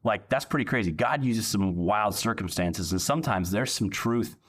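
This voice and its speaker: A man's voice: lowish voice, expressive, moderate pace. A male pastor preaching a sermon in a casual, joking, conversational way.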